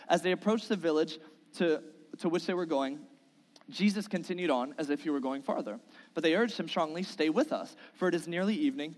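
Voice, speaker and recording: A man preaching a sermon with an earnest, pleading delivery that builds into impassioned appeals. His voice sits a little high for a man. A long reverb from a large church hall trails after every phrase. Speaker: pastor. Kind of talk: sermon with scripture reading. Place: church sanctuary.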